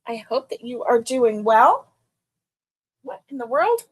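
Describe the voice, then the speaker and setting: A middle-aged woman hosting a casual livestream, chatting warmly and greeting viewers by name. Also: on the high side, big pitch swings, slow pace, breathy edge. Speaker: livestream host.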